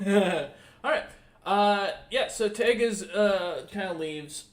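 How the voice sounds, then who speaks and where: A man narrating as dungeon master, halting often with fillers as he describes the scene. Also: high voice. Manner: halting, many fillers and pauses. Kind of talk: narrating a tabletop game.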